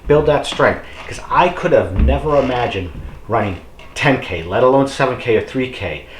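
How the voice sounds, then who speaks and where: A man's voice: mid-range voice, lively intonation, moderate pace, echoey room, a little hiss or hum. A middle-aged man talking casually to camera, rambling with many fillers and urging his viewers on. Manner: encouraging, addresses viewers as folks. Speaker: fitness vlogger. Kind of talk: casual motivational talk to camera.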